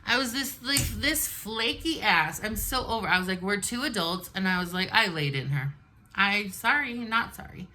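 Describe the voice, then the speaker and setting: A woman in her forties, a vlogger, does her makeup while telling a get-ready-with-me storytime, venting bluntly and animatedly. Her mid-range voice is expressive and sharp in tone, at a moderate pace, with slight background noise.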